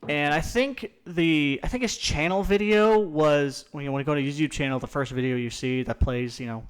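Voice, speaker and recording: A man with a fairly high voice hosts a casual podcast conversation. He talks in quick, animated bursts, often restarting mid-sentence, and swears freely when he gets worked up. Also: smooth. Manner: animated, profane, rambling with restarts. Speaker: podcast host.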